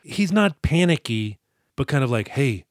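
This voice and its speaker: Animated, profane male podcast host. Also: medium pitch, moderate pace, no echo, studio quality. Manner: animated, profane, jokey recapping. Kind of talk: casual chat about a film.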